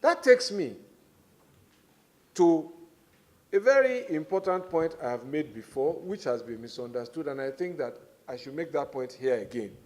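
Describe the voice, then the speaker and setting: A middle-aged man with a Nigerian accent, speaking as a government minister giving formal testimony at a public hearing, with measured, deliberate emphasis. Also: fairly high pitch, lively intonation.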